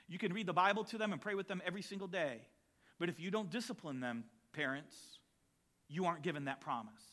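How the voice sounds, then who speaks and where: A man preaching a sermon as a pastor, emphatic and building to shouts on key lines. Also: high voice, lively intonation, quick pace.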